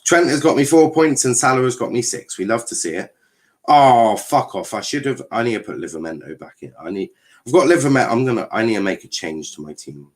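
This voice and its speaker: A man's voice: mid-range voice, animated, quick pace. A young man, casually commentating a live football watchalong, swearing, joking and reading chat aloud. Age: young adult. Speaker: watchalong streamer.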